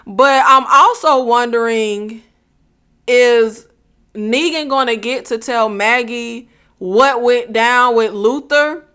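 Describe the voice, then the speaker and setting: A woman with a high, bright voice reviews a TV episode in a loose, chatty way. She is from the Southern United States, drops slang like "y'all" and "child" into her talk, and laughs easily as she goes. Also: slow, clear, resonant tone. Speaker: TV review channel host. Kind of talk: casual chat review.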